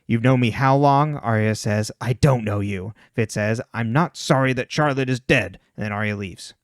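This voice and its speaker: A man's voice: mid-range voice, moderate pace, no echo, studio quality. A man co-hosting a podcast, recapping a show's plot in casual chat with a wry, laughing tone. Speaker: podcast co-host recapping episodes.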